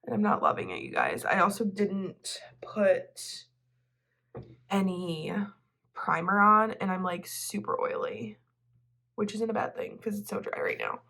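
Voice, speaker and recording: A woman's voice: mid-range voice, big pitch swings, unhurried, pushed and bright. A young woman vlogging casually at home and chatting to her viewers. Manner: chatty, talks to her pet in a baby voice. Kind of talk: casual vlog chat. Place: bedroom and home office, indoors. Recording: distant mic, faint background noise.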